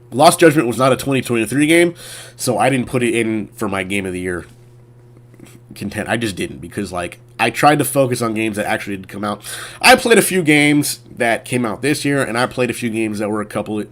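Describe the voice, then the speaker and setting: Casual male game streamer, rambling, middle pitch, filler-heavy. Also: fairly bright tone. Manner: rambling, full of fillers and restarts. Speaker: gaming streamer. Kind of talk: casual chat.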